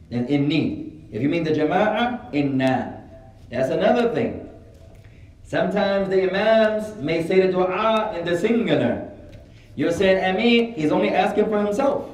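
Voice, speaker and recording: Man teaching in an echoey hall. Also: fairly high pitch. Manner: relaxed, animated storyteller, acts out quotes. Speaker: religious teacher. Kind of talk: classroom lesson with storytelling. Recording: echoey room, mic far off.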